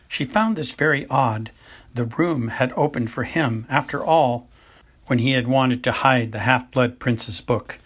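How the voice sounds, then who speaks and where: A man narrating a novel as a home audiobook reader, in an unhurried delivery that now and then trips and corrects itself. His voice is husky and sits at an ordinary, middling pitch. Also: steady tone, a bit bright. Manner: unhurried, occasional stumbles and self-corrections.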